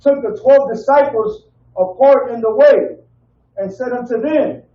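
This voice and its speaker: A man slowly reading Bible verses aloud in a class. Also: very high-pitched. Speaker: scripture reader in class. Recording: distant, roomy, dull lo-fi audio.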